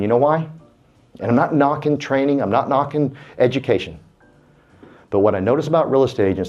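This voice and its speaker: A man's voice: mid-range voice, warm tone, breathy edge, lo-fi sound. A man giving a folksy, fired-up motivational speech to a room of real estate agents, urging them on like a preacher. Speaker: real estate team speaker. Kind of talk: motivational speech to a live audience.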